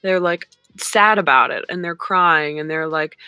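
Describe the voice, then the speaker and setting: A young adult woman co-hosting a podcast, retelling a book in casual chat with hesitant pauses and many ums. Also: low-pitched, pushed and bright, clean tone, no echo. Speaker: podcast co-host.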